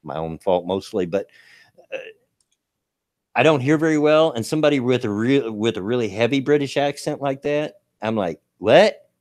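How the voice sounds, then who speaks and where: Give me a loud man in his fifties chatting casually, animated, in a dry room. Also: mid-range voice, moderate pace, no echo. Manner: loud, big-mouthed, laughs often. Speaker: podcast co-host. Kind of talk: casual chat.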